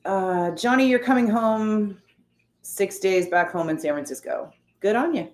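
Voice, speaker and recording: A woman's voice: mid-range voice, measured pace, darkish tone. A woman streamer chatting casually as she reads out and answers her viewers' messages, with wry, sarcastic asides. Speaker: streamer reading chat. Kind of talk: casual chat. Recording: roomy echo.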